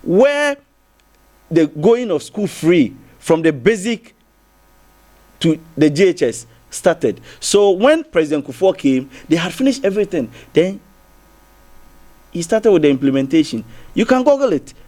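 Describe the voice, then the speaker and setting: A man's voice: on the high side, sing-song, measured pace, warm tone. A man with a Ghanaian English accent arguing as a guest on a TV panel, circling back with repeated restarts and rhetorical questions. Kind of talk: heated TV panel debate.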